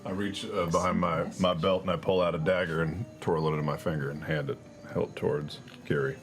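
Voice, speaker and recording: A man's voice: sits low, steady tone, fairly quick. A man playing a tabletop game, describing his character's actions in a dry, matter-of-fact way. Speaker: player.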